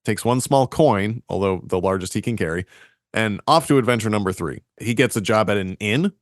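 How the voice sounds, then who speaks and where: A man's voice: lowish voice, brisk, dry recording, clean studio sound. A man, co-hosting a podcast, casually retelling a story and laughing often between jokes. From Boston area. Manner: laughs often, loose and joking. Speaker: podcast co-host.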